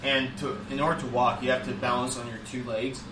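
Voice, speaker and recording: A young man in casual chat, telling a rambling, deadpan step-by-step story full of fillers. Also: mid-range voice, fast talker, heavy background noise. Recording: roomy, distant mic with faint ambience.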